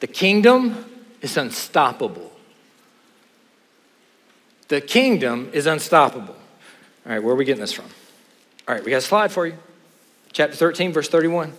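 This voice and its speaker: High-voiced preacher in a reverberant hall. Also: male voice, normal speed, pauses often. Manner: animated, joking asides, rhetorical questions. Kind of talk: sermon.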